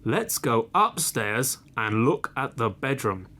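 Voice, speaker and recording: A man voicing a big, gruff father bear with slow, booming lines while reading a storybook. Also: big pitch swings, bright, forceful tone, exaggerated voice.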